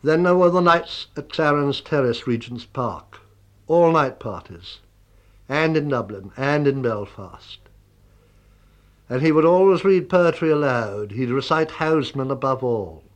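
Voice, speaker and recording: Man sharing memories of a friend, measured and dryly anecdotal. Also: mid-range voice, expressive. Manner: measured, wry anecdotal telling. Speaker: friend recalling a colleague. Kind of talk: spoken reminiscence.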